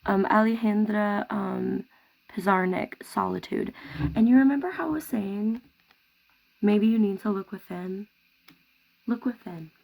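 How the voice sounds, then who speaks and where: A woman giving a tarot reading to camera at home, speaking softly and reassuringly. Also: mid-range voice, moderate pace, gravelly, rough recording. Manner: soft-spoken, gentle and reassuring. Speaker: tarot reader.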